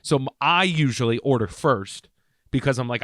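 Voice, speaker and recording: A man co-hosting a casual podcast, telling a story in an animated way and acting out the quoted dialogue. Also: mid-range voice, moderate pace, dry recording, clean studio sound. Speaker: podcast co-host.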